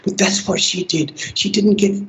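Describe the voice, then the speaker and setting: Older man, halting and reflective. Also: high voice, fairly even intonation, gravelly, a little hiss or hum, low-quality recording. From Australia. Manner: halting, with frequent restarts and soft laughs. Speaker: interviewee sharing lived experience. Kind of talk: reflective personal account.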